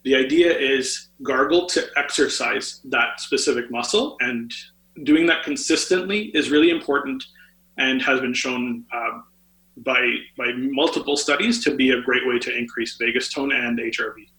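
A man's voice: mid-range voice, normal speed, sharp tone. A man appearing as a guest on a podcast, explaining health tips at length with frequent fillers like "um" and "uh". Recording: roomy echo.

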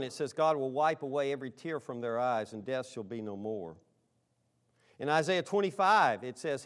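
A man pastor delivering a conversational sermon to his congregation, speaking to them directly and moving between loud emphasis and hushed, almost whispered lines. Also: mid-range voice.

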